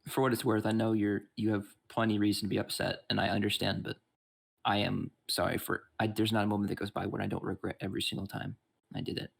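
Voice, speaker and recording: A man's voice: on the low side, little pitch movement, fast talker, creaky, husky, full character voice. Man voicing offhand bookish thief sister. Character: sardonic young woman, bookish thief sister.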